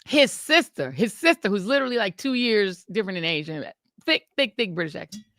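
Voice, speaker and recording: A woman co-hosting a podcast, chatting casually and telling stories in an animated, emphatic way. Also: mid-range voice, a little fast, no room sound, studio quality. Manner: animated, emphatic storytelling with laughs. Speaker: podcast co-host. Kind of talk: casual chat.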